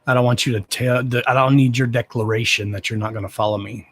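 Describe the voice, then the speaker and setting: This host's mid-range voice is steady and a bit bright, and he speaks a little fast. On his casual livestream he's blunt and profane with viewers while affectionately gushing over them.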